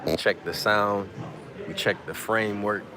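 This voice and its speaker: Low-voiced guy streaming from his phone in a media room, easygoing slang, crowd talking in the background. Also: fairly even intonation, unhurried. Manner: laid-back slang, reads out viewer comments. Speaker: livestream host. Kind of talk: casual live chat with viewers. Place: press conference media room.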